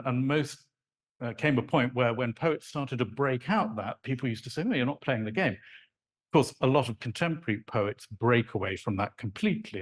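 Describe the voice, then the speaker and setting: A man giving a live lecture on poetry to an audience, talking in an animated, conversational way and acting out sounds and rhythms. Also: medium pitch. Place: lecture hall.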